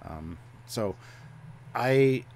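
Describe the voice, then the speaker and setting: A man's voice: medium pitch, lively intonation, very slow, a little mellow, slight background noise. A man co-hosting a casual review chat, talking hesitantly with many fillers and restarts. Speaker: co-host of a review show.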